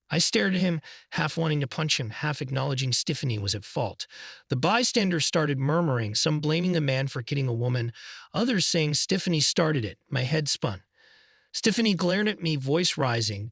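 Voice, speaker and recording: A man narrating a first-person story in a measured, scripted way. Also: on the high side, lively intonation, vocal fry, a bit bright, slightly rough, no room sound, clean studio sound.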